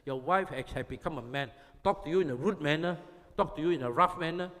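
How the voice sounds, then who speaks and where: A pastor preaches in emphatic, repetitive bursts, constantly checking that his listeners follow. His voice sits fairly high for a man. The long reverb of a big hall trails after every phrase. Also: quick pace, a bit bright. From Malaysia. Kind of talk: sermon to youth.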